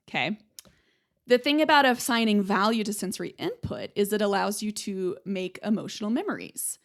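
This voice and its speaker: Young woman host teaching brain stuff, chatty, lots of "right?" and "okay?", mid-pitched voice. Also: fairly bright tone. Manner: chatty, explains with analogies, checks in with "right?" and "okay?". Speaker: podcast host, speech-language pathologist. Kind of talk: casual educational podcast lecture.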